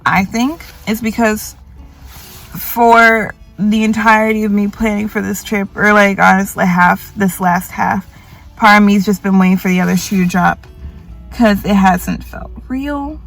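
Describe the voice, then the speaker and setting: Young woman, casual vlog, tired, self-mocking, gravelly voice. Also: medium pitch, steady tone, a little slow, a bit bright, soft background music. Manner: rambling, self-mocking, quotes others in put-on voices. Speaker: vlogger. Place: grocery store.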